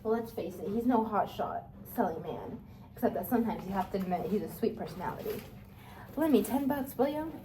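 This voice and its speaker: A woman's voice: medium pitch, lively intonation, fairly quick, noisy background, natural voice. A woman reading the part of a brash, boastful young adult son in an amateur play read-through, eager and salesman-like.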